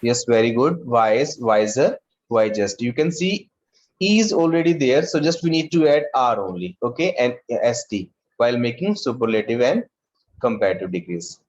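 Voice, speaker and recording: A male school teacher with an Indian English accent who talks slowly, repeats words and calls on students by name. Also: mid-range voice, very animated, a little mellow, dull audio, slight background noise. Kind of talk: online class lesson.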